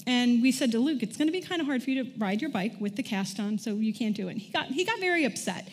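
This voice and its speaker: A woman's voice: a little high, lively intonation, fast talker. A middle-aged woman preaching a sermon in a conversational way, often asking the congregation questions. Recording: long church hall reverb.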